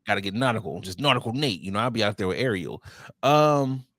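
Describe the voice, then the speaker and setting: Lively, joking man co-hosting a chat show. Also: fast talker, over a noisy crowd. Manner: playful, loose and joking with lively swings in pitch. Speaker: podcast co-host. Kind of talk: casual chat.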